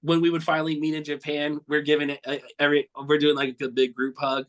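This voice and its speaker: A man's voice: fairly high pitch, completely flat delivery, quick pace, fairly bright tone, poor audio. A man recounting memories of a friend in a casual, heartfelt interview, rambling and swearing now and then. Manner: earnest, repeats himself often. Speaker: cartoonist guest.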